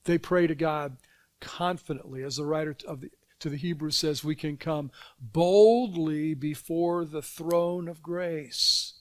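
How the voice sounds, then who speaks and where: High-voiced man preaching a sermon. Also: a little slow. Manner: conversational, asks the congregation questions and answers them. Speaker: pastor. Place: church sanctuary.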